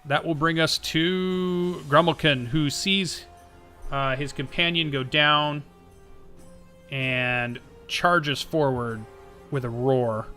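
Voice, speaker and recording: A man narrating as game master of a tabletop game, slow and halting, with many fillers. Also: fairly high pitch, sharp tone, soft background music.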